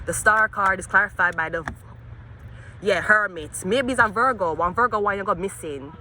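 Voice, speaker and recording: A woman with a Jamaican accent doing a profane tarot reading vlog outdoors, swinging between angry rants and low muttering. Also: normal speed, pushed and bright, slight background noise. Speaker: tarot reader.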